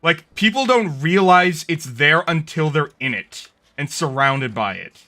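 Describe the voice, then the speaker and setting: A man's voice: a little high, expressive, unhurried, pushed and bright. A Canadian man hosting a stream, chatting casually and arguing his opinions with friends. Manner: opinionated, talks over others. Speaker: streamer host. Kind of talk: casual group chat on stream.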